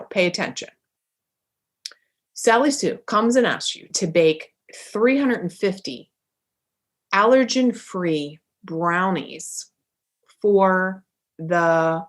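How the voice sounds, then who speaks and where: A middle-aged woman giving a motivational talk as a life coach, emphatic and animated, often acting out little bits of dialogue. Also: medium pitch, slow, long pauses.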